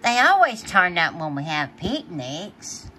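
A woman reading a children's picture book aloud, playful and animated, laughing often between pages. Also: fairly low pitch, slow, slight background noise. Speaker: storybook reader.

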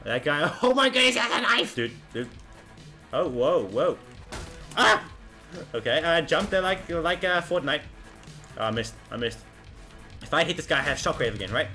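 A man commentating a game he is playing, excitable and often laughing while he talks to the characters on screen. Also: on the high side, moderate pace, long pauses, faint music behind. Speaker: gameplay commentator. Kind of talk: let's play commentary.

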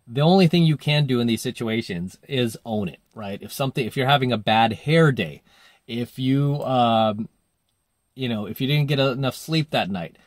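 A male dating coach speaking to camera in a loose, rambling monologue, leaning on "like" and "right?" as he tells a personal story. His voice sits mid-pitch, and the recording is dry and close, with no room sound. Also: no room sound. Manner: chatty storytelling, acts out quoted voices, filler-heavy.

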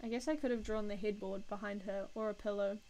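A woman's voice: medium pitch, fairly even intonation, fast talker, mellow, low-quality recording. A woman casually chatting and joking at her own expense while she draws on a live stream. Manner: self-mocking, joking, laughs often.

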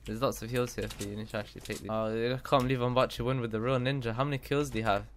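A man's voice: mid-range voice, steady tone, racing, a little hiss or hum. A young man in casual gaming banter, teasing a hired teammate with mock-naive questions over a headset mic at home. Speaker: YouTuber trolling a hired player. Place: home bedroom.

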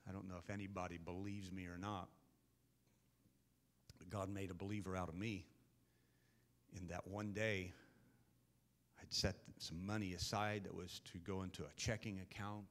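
A man in his fifties, a pastor telling a personal story in a sermon, then building to loud, earnest preaching. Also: sits low.

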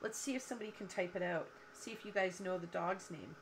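Speaking fast in a lowish voice over slight background noise, a woman runs a cardmaking livestream from her home craft room. She's chatty, rambling through long stories and laughing frequently as she works.

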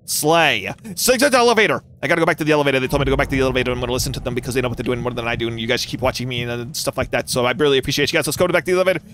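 A young man streaming a game and chatting to viewers, excitable and giggly, breaking into squeals and shouts. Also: mid-range voice, rapid-fire, hardly any pauses, a little hiss or hum. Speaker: gaming YouTuber. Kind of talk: live gameplay commentary.

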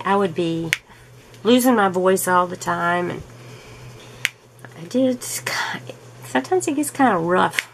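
A woman talks casually at home as she works on a craft. She speaks slowly and easily and laughs often, and her throat is a bit rough from allergies. A faint background hum sits under her voice. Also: medium pitch, a bit bright, rough recording. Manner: slow, chatty, laughs often. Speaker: diamond painting vlogger. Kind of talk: casual chat while crafting.

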